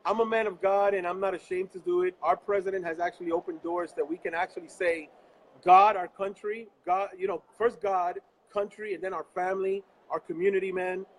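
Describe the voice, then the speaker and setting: Earnest high-voiced host. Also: male voice, steady tone, a little fast, a little hiss or hum, rough recording. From New York. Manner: earnest, preacher-like. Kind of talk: live show interview. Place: on location, not in his office.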